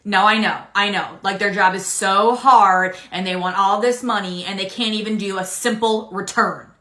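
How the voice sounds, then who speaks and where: A woman's voice: mid-range voice, steady tone, moderate pace, sharp tone, natural voice. A woman playing a rude, entitled female customer who accuses and talks over a cashier in a comedy skit. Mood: indignant. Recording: echoey room.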